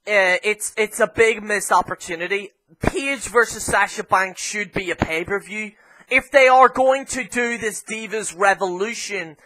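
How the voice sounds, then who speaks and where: An Irish man reviewing a wrestling show in a heated, foul-mouthed rant that flares into shouting. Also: sits high, poor audio. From Ireland. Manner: heavy swearing, heated ranting.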